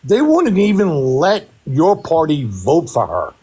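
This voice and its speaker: Man in his fifties calling in angry to a livestream. He is gruff and insulting, and his pitch swings widely as he snaps back. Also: wildly swooping pitch, a little slow, warm tone. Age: 50s. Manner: gruff, hostile, profane. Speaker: caller. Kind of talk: angry call-in debate.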